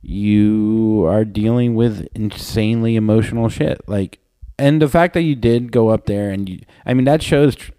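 A man hosting a podcast, chatting casually and supportively, with quick reactive asides. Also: lowish voice, mellow, clear, resonant tone, dry recording. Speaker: podcast host, comedian. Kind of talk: casual chat.

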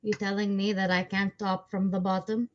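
A woman's voice: medium pitch, flat delivery, moderate pace. Brash, foul-mouthed woman on a dull mic. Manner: crude, profane, brash joking. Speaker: player. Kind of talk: casual in-character tabletop chat.

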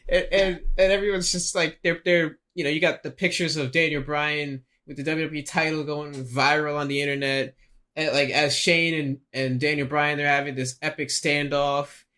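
A man's voice: on the high side, fairly even intonation, pushed and bright. A man co-hosting a podcast, talking eagerly in casual chat and cutting in to add to the story. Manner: eager, fast, jumps in with interruptions. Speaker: podcast co-host.

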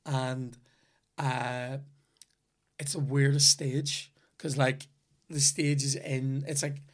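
A man's voice: medium pitch, level tone, takes it slowly. A young man with a Northern Irish accent, hosting a podcast and telling rambling, sweary stories with plenty of laughter in a casual chat. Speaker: podcast host and comedian.

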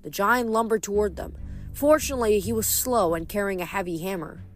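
A woman reading a fantasy novel aloud with an expressive, dramatic delivery. Her pitch sits in a medium range. Her narration rises and falls with the action. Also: fairly quick, soft background music. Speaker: audiobook reader.

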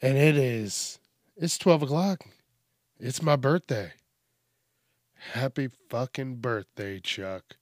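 Slow-talking man in his thirties. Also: mid-range voice, no echo, clean studio sound. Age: 30s. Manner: rambling, profane, halting with many fillers. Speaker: podcast host. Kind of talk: solo podcast monologue. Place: small home studio. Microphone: studio microphone.

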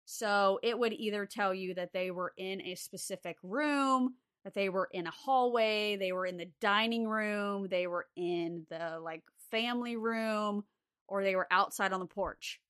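A young adult woman telling a story from her days as a care aide, relaxed and unhurried, with lots of "like" fillers. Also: medium pitch, smooth. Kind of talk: casual spoken ghost story.

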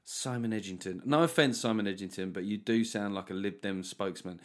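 A man's voice: mid-range voice, moderate pace, fairly bright tone. A man hosting a podcast, chatting casually and joking, swearing and slipping into mock voices. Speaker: podcast host. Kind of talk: casual comedic chat.

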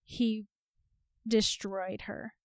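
A woman's voice: medium pitch, flat delivery, very slow, no echo, studio quality. A woman co-hosting a casual book chat, reacting with emphatic exclamations and frequent laughter. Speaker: podcast co-host.

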